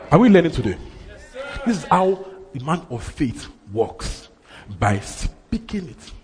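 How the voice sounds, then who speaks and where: A man's voice: a little high, a little mellow, husky. A man preaching a sermon, emphatic and repeating his phrases for effect. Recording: reverberant hall.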